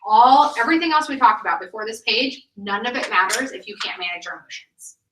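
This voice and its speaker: A woman in her thirties leads a motivational sales training, emphatic and chatty, with plenty of "like." Her voice sits a little high and rings bright. It is picked up from a distance in an echoey meeting room. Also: expressive, quick pace, slight background noise. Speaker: sales director training new consultants.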